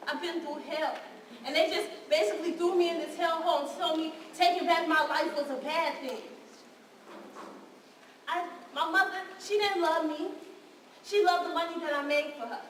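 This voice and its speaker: A woman's voice: extremely high pitch, fairly even intonation, normal speed, fairly bright tone, a little hiss or hum. An actress playing a wounded, defiant young woman who confesses to her counselor on a live stage, talking raw and confrontational. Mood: defiant, angry. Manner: raw and confrontational, with bursts of bitter laughter. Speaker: stage actor. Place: theater stage. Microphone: distant room mic. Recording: echoey hall from far off.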